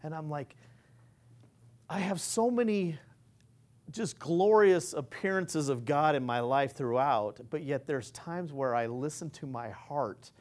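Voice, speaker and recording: A man's voice: on the high side, unhurried, darkish tone. Man, informal lay preacher, earnest, rambling delivery with frequent restarts. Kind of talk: informal sermon.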